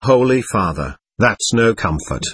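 A man's voice: fairly low pitch, sing-song, measured pace, a bit bright, breathy edge, dry recording, exaggerated voice. A man voicing a despairing male marquis who pleads desperately.

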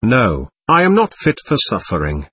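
A man's voice: on the low side, huge pitch swings, normal speed, bright, forceful tone, slightly rough, no echo, heavily acted. A man voicing a passionate, anguished young prisoner, speaking fervently and pleadingly.

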